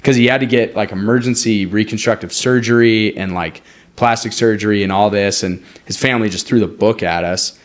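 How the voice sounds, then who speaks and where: A man's voice: lowish voice, fairly quick. A young man from Montana, a podcast guest, telling a long story in casual chat and acting out the quoted lines. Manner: animated, acts out quoted dialogue, frequent "like".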